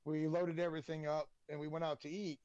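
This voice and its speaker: A man's voice: fairly high pitch, flat delivery, brisk, darkish tone, smooth, no echo, highs cut off. A man guesting on a podcast, telling loose, profane, laughing anecdotes in a rambling way. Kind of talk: casual storytelling.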